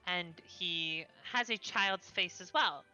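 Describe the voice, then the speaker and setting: A woman's voice: on the low side, slow pace, clean tone, lo-fi sound, faint music behind. A woman narrating a tabletop game as game master, giggly and chatty. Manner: giggly, lively, chatty with fillers.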